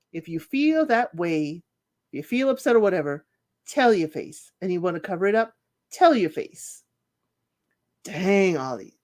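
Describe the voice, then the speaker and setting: A woman casually recapping a reality show, chatty and teasing, with playful questions to her viewers. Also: medium pitch. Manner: chatty, animated retelling with playful asides to viewers; laughs often, teasing and questioning.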